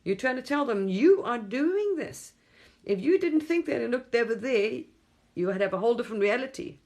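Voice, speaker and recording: A woman's voice: fairly high pitch, quick pace, a little mellow. A middle-aged woman from England hosting a casual late-night livestream on her phone, rambling and chuckling often. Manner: rambling, chuckles often, mimics voices in quotes. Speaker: livestream host.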